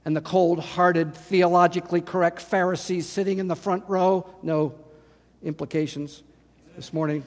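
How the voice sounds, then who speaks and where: A man preaching a sermon, dramatic, rising to loud emphatic lines when he quotes scripture. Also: sits high, steady tone, normal speed. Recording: long hall reverb.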